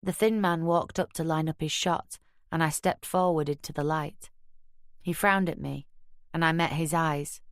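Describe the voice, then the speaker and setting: A woman narrating a crime audiobook in the first person, measured and wry, recorded close on a studio mic. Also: sits low, steady tone, no room sound.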